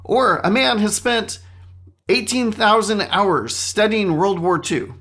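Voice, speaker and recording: A man hosting a solo podcast, telling a story in an animated, self-mocking way into a studio microphone. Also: high voice, slow. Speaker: podcast host.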